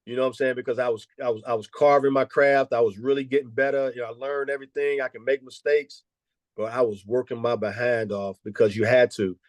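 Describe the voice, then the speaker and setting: A man in his fifties, a former college basketball head coach, telling lively stories and peppering them with "man" and "you know". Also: medium pitch, fast, no room sound. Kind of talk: storytelling interview answers.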